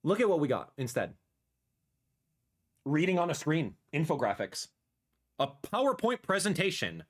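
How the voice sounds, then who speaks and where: A man in his thirties, a gaming content creator, giving excitable, ranting livestream reaction commentary. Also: a little high, normal speed, long pauses.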